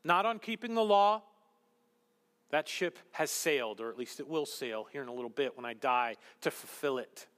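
A man preaching a sermon as pastor, animated, acting out quotes and dropping to hushed whispers. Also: mid-range voice, normal speed, in a large hall.

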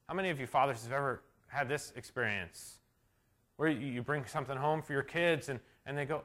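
A middle-aged male pastor preaching a sermon, shifting from hushed storytelling to loud, emphatic declarations. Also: mid-range voice, expressive, fairly quick.

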